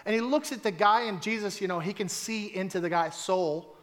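A man preaching a sermon to his congregation, animated and conversational, driving points home with emphatic repetition. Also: sits high, a little fast. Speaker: pastor.

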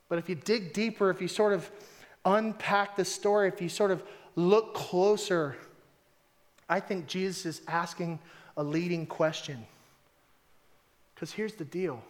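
A man preaching a sermon to his congregation, animated and conversational, driving points home with emphatic repetition. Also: sits high, moderate pace. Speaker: pastor.

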